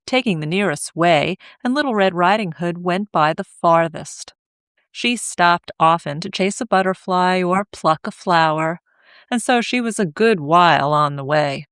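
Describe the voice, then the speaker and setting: A woman reads a fairy tale aloud for English learners, taking her time. Her voice is fairly low and her pace is very slow. The recording is close and dry. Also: fairly bright tone, smooth, no room sound. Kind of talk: scripted story narration.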